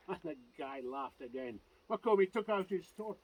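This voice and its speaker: Lively Scottish storyteller outdoors. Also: male voice, a little high, moderate pace, no echo, poor audio. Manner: lively, conversational with asides. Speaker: clan society vice president. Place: outdoors by a standing stone.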